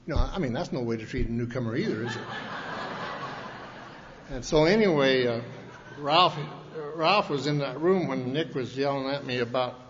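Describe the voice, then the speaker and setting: A middle-aged man from Montana, USA, tells his recovery story to an audience at a recovery convention, folksy and rambling, with constant restarts and colloquial grammar. His mid-range voice moves at normal speed over a crowd in the background. The large convention hall gives a long reverb, and the dull, lo-fi archival tape carries a faint hiss.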